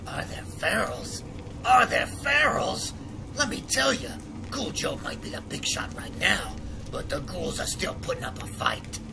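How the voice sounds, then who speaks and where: A man performs a jittery old trader who lives down in the sewers of a game world. His voice is deeply gravelly, leaping between low mutters and high alarmed cries. Steady background noise sits under the lines. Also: normal speed, exaggerated voice. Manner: excitable, repeats words with rising alarm. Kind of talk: game character dialogue.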